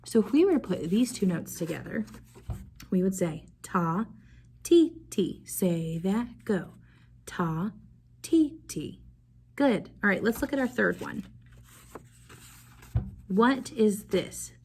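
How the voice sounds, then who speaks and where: A young woman music teacher giving a video lesson to young children, slow and encouraging, prompting them to repeat after her. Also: mid-range voice, expressive, a little mellow, slight background noise.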